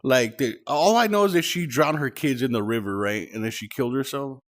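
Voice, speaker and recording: A man's voice: mid-range voice, fairly quick. A young man co-hosting a podcast in casual chat, agreeable and jokey, chiming in often. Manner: agreeable, backchannels a lot, jokey. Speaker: podcast co-host.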